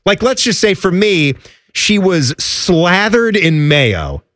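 A man co-hosting a sports radio show, bantering and joking with quick asides. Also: sits high, big pitch swings, fairly bright tone, no room sound, clean studio sound.

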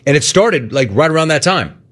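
A man hosting a call-in radio show, his pitch swinging up and down as he tells a story. He talks in a casual, slangy way and reacts to callers with energy. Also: very animated, fairly quick, fairly bright tone. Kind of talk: casual sports talk radio.

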